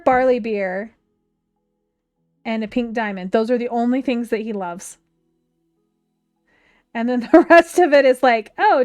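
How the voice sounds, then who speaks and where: A woman's voice: fairly high pitch, a little mellow, clean tone, no room sound, studio quality. A woman in her thirties chatting casually as she plays a game on a live stream, thinking aloud from her computer at home. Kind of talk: casual live gameplay chat.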